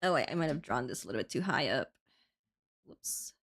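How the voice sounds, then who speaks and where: A woman's voice: rumbling low, sing-song, a little fast, a bit bright. A young woman from Spain with an American accent, chatting casually and giggling often while she draws on stream. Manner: giggly, laughs often between phrases. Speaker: art streamer. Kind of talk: casual chat while drawing.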